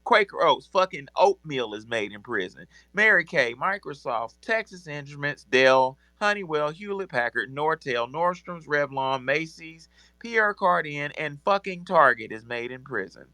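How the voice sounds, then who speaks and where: A man's voice: fairly high pitch, animated, a little slow, sharp tone, dry recording. A man hosting a podcast discussion, reading a book aloud with profane, incredulous asides. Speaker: host.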